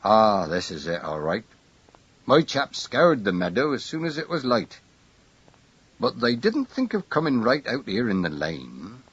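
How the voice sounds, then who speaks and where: A man voicing a big, genial country police officer who talks in a slow, amused drawl. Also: mid-range voice, huge pitch swings, husky, lo-fi sound, exaggerated voice.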